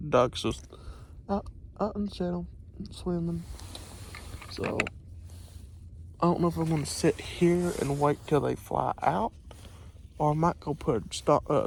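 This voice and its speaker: A man's voice: fairly high pitch, gravelly, a little mellow. A man vlogging from a duck hunt outdoors by a lake, shivering from the cold and rambling with plenty of fillers. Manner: plain, rambling, with many fillers. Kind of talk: casual outdoor vlog. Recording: outdoor wind and background noise.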